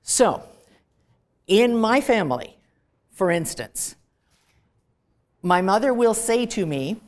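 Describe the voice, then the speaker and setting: A woman's voice: medium pitch, expressive, slow pace, a little mellow. A woman professor giving a direct, emphatic recorded lecture to students. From Canada. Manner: direct, emphatic, dismissive of clichés.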